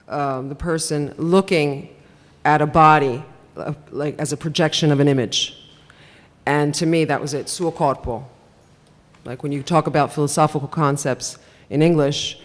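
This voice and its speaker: A man translator at a live panel, chatty and self-deprecating, laughing easily. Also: on the high side. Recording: reverberant hall.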